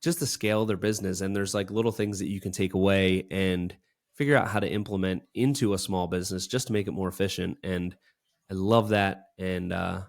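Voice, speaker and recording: A man's voice: sits low, steady tone, a little fast, gravelly. A young man co-hosting a podcast, telling a story in casual chat, rambling with lots of fillers. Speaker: podcast co-host.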